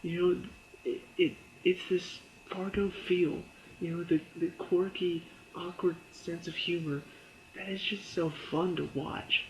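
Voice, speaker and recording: The recording is rough, with a little hiss or hum, as a high-voiced man talks a bit slowly in a level tone. He gives a casual, filler-heavy review of a TV episode, laughing and briefly acting out characters' lines in quotes while retelling scenes.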